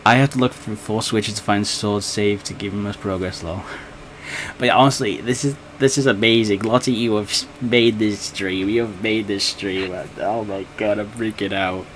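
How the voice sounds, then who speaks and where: Nervous guy streaming a game, halting chat with lots of restarts, bit of faint noise. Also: fairly low pitch, fairly even intonation, fairly bright tone. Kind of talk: casual live-stream chat.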